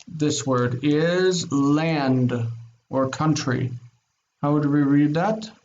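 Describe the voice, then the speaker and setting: A man's voice: a little high, extremely slow, a little mellow. A male Hebrew teacher giving an online grammar lesson, explaining patiently, repeating words and checking understanding with "okay?". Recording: dull lo-fi sound with faint noise.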